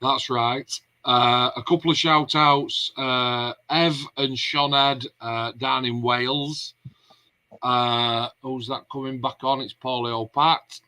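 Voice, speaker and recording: A man hosting a casual vlog, talking through his stories in a loose, rambling way. His voice is bright and forceful, sitting at an ordinary middle pitch for a man. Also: fairly even intonation, slow, poor audio. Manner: rambling anecdotal storytelling. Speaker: vlog host. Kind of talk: casual chat.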